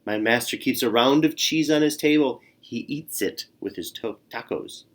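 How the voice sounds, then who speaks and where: A man's voice: medium pitch, normal speed, lightly acted. A man voicing a clever little female lamb who bleats and pleads in a storybook reading. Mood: coaxing. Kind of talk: storybook character voice.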